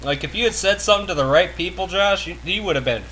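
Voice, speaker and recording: A man's voice: sits high, fast, sharp tone, a little hiss or hum. A man co-hosting a casual chat, blunt and profane, chuckling as he talks. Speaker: co-host.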